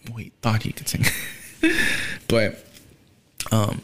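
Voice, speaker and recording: A young man hosting a podcast, talking casually and quietly, with many fillers and pauses, subdued by grief. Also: lowish voice, wildly swooping pitch. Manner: soft, halting, with frequent fillers and trailing off. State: grieving, subdued. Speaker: podcast host. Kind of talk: casual solo podcast talk.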